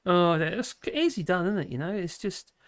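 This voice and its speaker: Norfolk-accented male streamer with a somewhat high voice in a dry room, rambling and self-deprecating as he reads chat. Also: a bit bright, no room sound. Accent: Norfolk English. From England. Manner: rambling, hesitant, filler-heavy; chuckles easily, self-deprecating. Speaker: livestream host reading chat. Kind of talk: casual livestream chat. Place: home in rural France.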